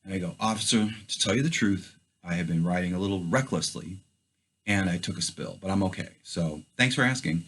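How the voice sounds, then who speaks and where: A man's voice: sits low, fairly quick, husky. A man casually telling a first-person story in a loose, profane way, acting out his own past thoughts as he goes. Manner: loose, profane, animated retelling with quoted inner thoughts.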